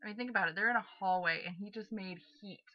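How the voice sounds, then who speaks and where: A woman's voice: mid-range voice, fast talker, lo-fi sound. Chatty young woman rambling over a game. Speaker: let's play host. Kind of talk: casual gaming commentary.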